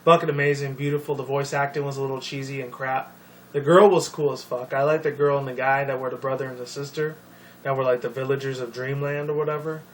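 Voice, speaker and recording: A young man rambling casually about a video game series, swearing often and filling pauses with ums and likes. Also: mid-range voice, flat delivery. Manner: profane, rambling, many fillers. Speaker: video commentator. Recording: distant mic with faint noise.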